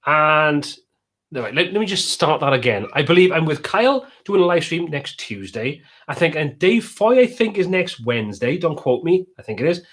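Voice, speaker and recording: A man's voice: a little high, big pitch swings, moderate pace, fairly bright tone. A man with a Welsh accent, casually chatting as host of a live stream and reading out viewers' comments.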